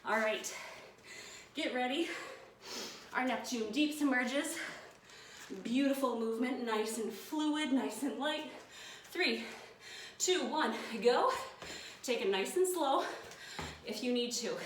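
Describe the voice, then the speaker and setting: A woman's voice: high-pitched, slow pace. A woman leading a workout video, out of breath and panting as she gives encouraging countdowns. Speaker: fitness instructor. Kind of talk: workout coaching. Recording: echoey room from far off, noisy.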